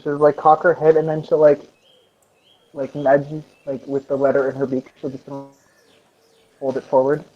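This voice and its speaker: A man playing in a tabletop game, chatty and excitable, hedging with "like". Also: mid-range voice, unhurried, long pauses, muffled recording. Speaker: player. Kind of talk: casual tabletop play.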